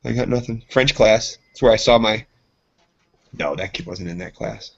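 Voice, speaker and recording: A man with a husky voice tells loose, rambling stories on a casual podcast, and he acts out every voice in them. The audio sounds dull and lo-fi. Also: fairly low pitch, moderate pace. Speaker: podcast co-host. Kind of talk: casual chat, storytelling.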